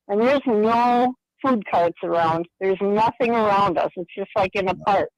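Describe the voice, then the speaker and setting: A woman's voice: medium pitch, moderate pace, few pauses, no room sound. An older woman calling into a radio show, retelling a story in a chatty way with lots of quoted dialogue. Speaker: caller. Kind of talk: phone-in storytelling. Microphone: phone. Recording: dry telephone line.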